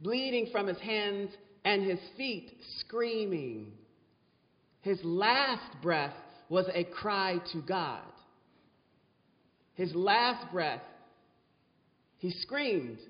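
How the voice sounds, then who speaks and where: A man's voice: high voice, lively intonation, very slow, pauses often. A man preaching a sermon as a pastor, dramatic and repeating words for effect. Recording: dull sound with long hall reverb.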